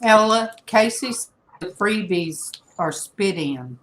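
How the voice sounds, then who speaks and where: A woman telling a story in casual chat, animated and laughing as she talks. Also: medium pitch, slow pace.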